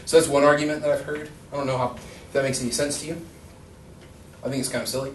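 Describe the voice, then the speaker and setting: A man's voice: mid-range voice, flat delivery, fast talker. A male rhetoric professor giving a casual, joking classroom lecture, acting out quoted voices as he talks. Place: lecture room. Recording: roomy echo, far from the mic, faint noise.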